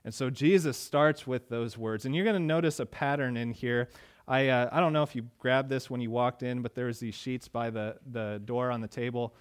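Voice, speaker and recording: Delivering a sermon to his congregation, this male pastor has a medium-pitched, clear and resonant voice with fairly even intonation and a moderate pace. He talks casually, then lifts into emphatic tones on the quoted verses.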